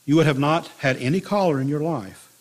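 A man voicing a patient master potter who speaks quietly and gently. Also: on the high side, brisk, lightly acted. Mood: tender.

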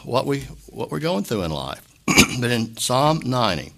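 Halting pastor, bright lively voice. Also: male voice, medium pitch. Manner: halting, clears throat often; emotional, earnest. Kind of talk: impromptu sermon.

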